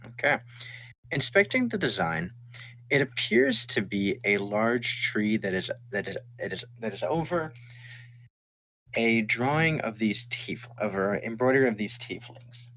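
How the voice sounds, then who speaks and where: A man narrating a tabletop game as game master, setting scenes in an unhurried, descriptive way. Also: on the low side, very animated, a bit bright.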